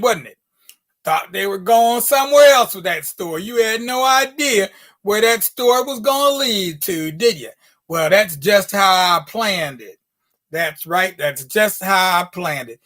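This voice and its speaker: A man's voice: very high-pitched, fairly bright tone. A man hosting a show, signing off in a playful, folksy way with rhymes and repetition. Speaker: host. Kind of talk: casual sign-off.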